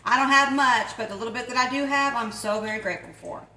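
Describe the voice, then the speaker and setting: A woman's voice: a little high, fast, pushed and bright, recorded from a distance. A woman hosting a casual home cooking vlog, chatty and rambling, often laughing. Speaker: home cook and channel host. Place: home kitchen. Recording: echoey room, voice off-mic, faint noise.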